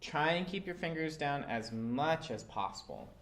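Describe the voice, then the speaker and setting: A man teaching a violin part, calm and patient, with frequent fillers as he explains. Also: on the high side, normal speed. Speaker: orchestra teacher. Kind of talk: instructional walkthrough.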